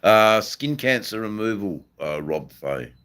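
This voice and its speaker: Deep-voiced Australian man chatting on a livestream. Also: big pitch swings, a bit bright, clear, resonant tone. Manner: halting, many ums and repeats. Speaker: livestream host reading chat. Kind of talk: casual live-stream chat.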